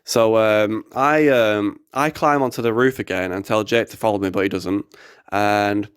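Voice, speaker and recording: A young man with an animated, rambling manner, telling a story casually on a podcast. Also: on the low side, normal speed, clean tone, no room sound, studio quality. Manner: animated, excitable, rambling with fillers. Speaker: activist podcast host.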